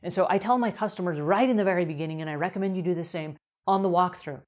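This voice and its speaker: Upbeat woman coach with a low voice. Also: quick pace, few pauses. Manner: upbeat, acts out quoted dialogue in lively voices. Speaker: house cleaning business coach. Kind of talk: advice video talking to camera.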